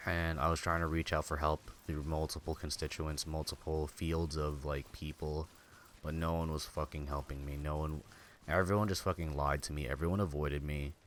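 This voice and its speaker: A man's voice: very deep voice, little pitch movement, moderate pace, a little hiss or hum. A man streaming a game, venting in rambling casual chat full of filler words and swearing. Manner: venting, bitter. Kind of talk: casual chat while gaming.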